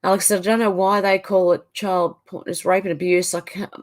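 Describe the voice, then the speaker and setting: A woman's voice: mid-range voice, little pitch movement, brisk. A middle-aged woman with an Australian accent hosting a livestream, chatting casually as she reads out viewer comments and often trails off mid-sentence. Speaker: livestream host. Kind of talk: casual chat reading out live comments.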